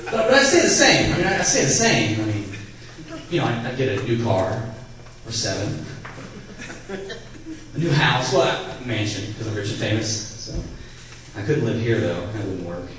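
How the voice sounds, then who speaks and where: A man in his late twenties doing a stand-up comedy set, animated and breaking into loud character bits. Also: lowish voice, moderate pace, long pauses, slight background noise. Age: 20s. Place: comedy club stage with live audience. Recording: echoey room from far off, audience.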